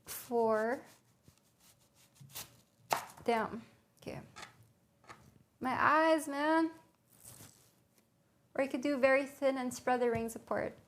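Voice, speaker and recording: Slow-talking woman streaming from her kitchen. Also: high voice, steady tone, slight background noise. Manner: thinks aloud while reading a recipe to viewers. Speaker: livestreamer. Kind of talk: casual cooking stream chat. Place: home kitchen.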